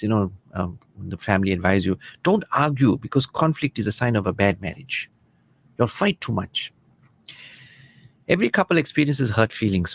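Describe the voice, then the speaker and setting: Earnest radio counselor. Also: male voice, mid-range voice. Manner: earnest and conversational, acts out quoted spouses. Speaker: marriage counselor on a radio programme. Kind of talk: radio advice talk.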